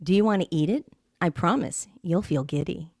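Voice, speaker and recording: A woman's voice: fairly low pitch, lively intonation, moderate pace, a little mellow, dry recording, studio quality. A woman reading the lines of a pleading young girl in a rhyming comic poem, in her own voice. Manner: plaintive sing-song rhyming.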